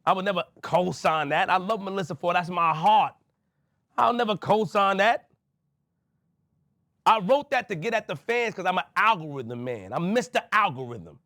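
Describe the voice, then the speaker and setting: A man's voice: high-pitched, normal speed, pushed and bright, no room sound, studio quality. A man from Queens, a podcast host speaking to camera, emphatic and repetitive as he addresses someone directly. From Queens, New York.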